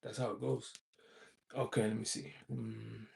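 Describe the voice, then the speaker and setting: A man hosting a loose livestream chat, with a gravelly, creaky edge to his voice. His tone is husky rather than clean. He rambles along, peppering his talk with "you know" and little chuckles as he reads viewer comments. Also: fairly low pitch, little pitch movement, a little slow, darkish tone. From United States. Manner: chuckles often while talking.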